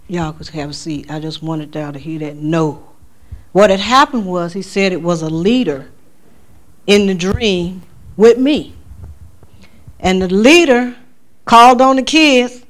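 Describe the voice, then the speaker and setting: A woman, telling a testimony in church, her voice climbing high when she quotes herself. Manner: animated storytelling, voice climbing high for quoted exclamations. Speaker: speaker giving a testimony at church. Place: church sanctuary.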